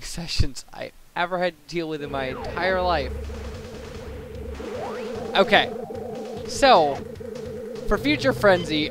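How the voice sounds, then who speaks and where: Young man, casual game commentary, hiccuping, rambling and self-deprecating, slightly high pitch, loud game music behind. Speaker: let's play commentator.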